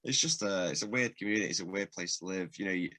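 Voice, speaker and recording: A man's voice: deep voice, fast talker, bright, forceful tone. A man, a rapper and producer, talking as a guest on a casual podcast, rambling through stories with lots of swearing and laughter. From England. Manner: swears a lot, laughs often, rambling storyteller.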